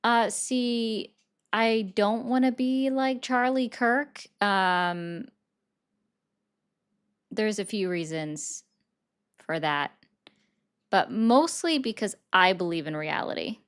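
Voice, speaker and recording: A woman's voice: mid-range voice, takes it slowly, long pauses, clear, resonant tone. A woman in the middle of a political livestream, chatting loosely with her viewers and answering their comments. She talks in a sarcastic, offhand way, dropping dry jabs as she reacts to the chat.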